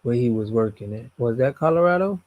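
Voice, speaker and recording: A man hosts a live stream, reading chat comments in a loose, slangy, casual way. His medium-pitched voice is expressive and fairly quick, his phrases trail off at the ends, and the audio is narrow and tinny.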